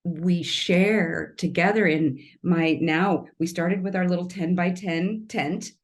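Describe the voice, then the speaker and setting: A middle-aged woman from Kansas City speaks as a guest on a podcast over a video call. Her voice sits a little low, and she talks with heartfelt emotion and earnest warmth. She rambles and restarts her sentences as she chats. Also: steady tone, slow pace. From Kansas City, Missouri. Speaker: podcast guest, tree artist and storyteller. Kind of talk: casual podcast interview.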